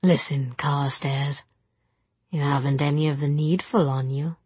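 A woman's voice: low-pitched, steady tone, unhurried, darkish tone, slightly rough, no room sound, pitched below the performer's own voice. A woman voicing a feverish young man who speaks in a dreamy, drowsy way. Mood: dazed. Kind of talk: audiobook reading.

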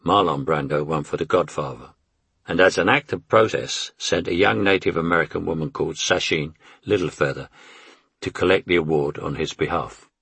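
A man's voice: extremely low pitch, vocal fry, fairly bright tone, breathy edge, no room sound. A man in his eighties with a London Cockney accent, reading his memoir in a wry, conversational way. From England. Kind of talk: audiobook memoir narration.

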